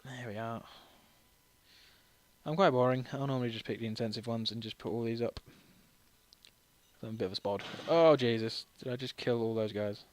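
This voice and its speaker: A man's voice: medium pitch, fairly even intonation, moderate pace, long pauses, slight background noise. A man giving casual let's-play commentary while tipsy, rambling and self-deprecating, laughing often as he talks. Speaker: game streamer.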